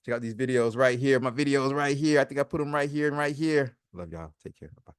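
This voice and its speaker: A man's voice: mid-range voice, fairly quick, clean tone, no room sound, studio quality. A man hosting a casual commentary vlog, chatty and sarcastic, reading posts aloud and adding his own comments. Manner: chatty, sarcastic, repeats himself. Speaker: host.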